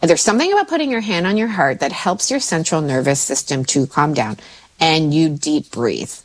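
A woman in her forties, a mindset coach, talking casually and jumping up in pitch when she quotes herself. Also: a little fast. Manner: animated, swoops into high pitch when quoting herself. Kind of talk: casual podcast chat.

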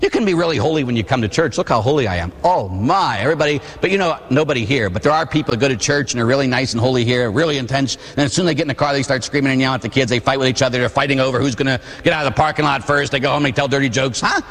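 A man in his forties from Pittsburgh, a priest preaching a sermon with animated storytelling and acted-out voices. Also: medium pitch, rapid-fire, hardly any pauses, long reverb tail. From Pittsburgh, USA. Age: 40s. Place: church.

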